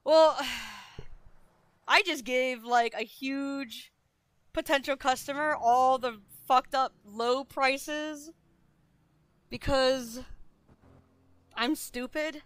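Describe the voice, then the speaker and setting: Young woman, streamer, high voice, flustered, self-deprecating, swearing, dry close mic. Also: slow pace, long pauses, fairly bright tone, no room sound. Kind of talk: casual livestream talk to chat.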